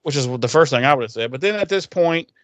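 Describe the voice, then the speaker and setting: This man, co-hosting a podcast, has a slightly high, expressive voice and no room sound around him. He retells a TV episode's scenes in a rambling, profane, casual way, briefly slipping into quick character voices.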